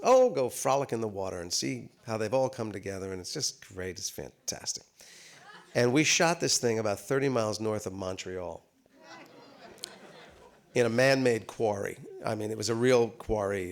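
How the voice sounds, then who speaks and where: A man's voice: lowish voice, vocal fry. A man in his fifties, a guest actor on stage at a live talk, telling comic anecdotes full of fillers and restarts. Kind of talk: storytelling on stage. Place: theater stage before a live audience.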